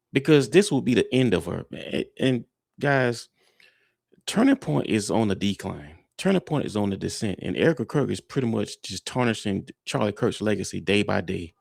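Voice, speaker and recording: Gravelly man, blunt and indignant. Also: fairly low pitch, sing-song, moderate pace, a little mellow, dry recording, clean studio sound. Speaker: reaction host. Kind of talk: reaction commentary.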